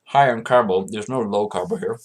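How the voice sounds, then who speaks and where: A man's voice: fairly low pitch, fairly quick, slight background noise. A man hosting a trading video, giving casual chart commentary and answering his own questions in a chatty way. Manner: asks himself questions and answers them; chatty, coaxes viewers as "mate". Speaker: forex trading channel host.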